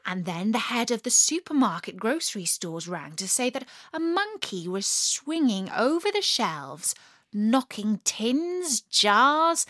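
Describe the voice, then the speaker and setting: A woman narrating a children's story in a lively, expressive way, slowing for emphasis. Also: on the high side, no room sound, studio quality.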